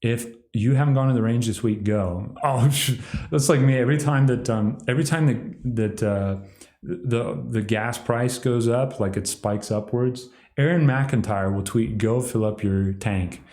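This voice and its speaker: A man's voice: medium pitch, a little slow, a little mellow. A man giving rambling solo commentary on a livestream, sardonic and mocking, sometimes slipping into exaggerated impressions. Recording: echoey room.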